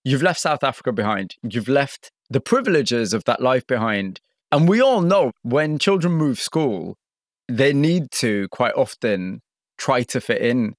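A man's voice: mid-range voice, lively intonation, no room sound. Male radio presenter, dry studio voice. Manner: measured, empathetic questioning. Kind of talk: scripted narration and interviewing.

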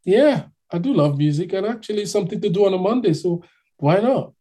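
A man's voice: high voice, lively intonation, a little fast, mellow. A man from Nigeria telling his own story in casual chat, acting out other people's voices as he goes.

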